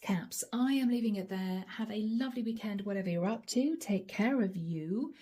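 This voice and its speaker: In a channeled tarot reading, a woman with a hoarse, warm, medium-pitched voice thinks out loud at a moderate pace and speaks straight to her viewers, calling them by their star-sign nicknames.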